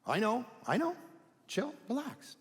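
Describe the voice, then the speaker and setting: A man preaching a sermon as pastor, animated, swinging between loud emphatic bursts and low quiet asides. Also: a little slow, vocal fry, noisy background. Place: church sanctuary. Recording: church hall reverb.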